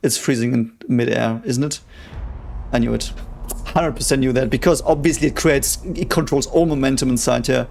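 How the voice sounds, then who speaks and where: A young man reacting to a sci-fi series episode in casual commentary, excitable and swearing a lot. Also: medium pitch, moderate pace, creaky, slight background noise. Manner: excitable, swears a lot, talks over the show. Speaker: reaction video host.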